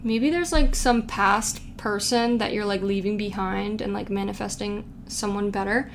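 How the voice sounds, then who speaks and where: This young woman's medium-pitched voice stays fairly even in intonation as she does a pick-a-card tarot reading at a moderate pace. Chatty and giggly, she reads quotes aloud and adds playful asides over slight background noise.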